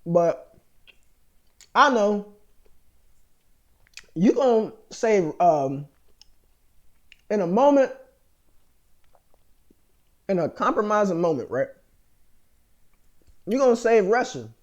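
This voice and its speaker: A man's voice: sits high, big pitch swings, takes it slowly, long pauses, muffled recording. An American man vlogging in a rambling, profane monologue, full of fillers and restarts. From United States.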